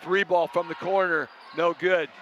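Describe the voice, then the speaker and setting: A man doing play-by-play commentary for a high school basketball game, calling plays in short, brisk bursts. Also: fairly even intonation, a bit bright, lo-fi sound, slight background noise. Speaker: play-by-play announcer.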